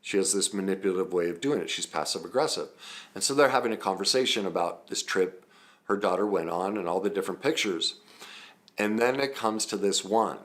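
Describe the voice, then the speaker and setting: This man's low voice is brisk and a bit bright. A trauma recovery coach, he shares personal stories to teach, talking earnestly and conversationally while often saying um and correcting himself.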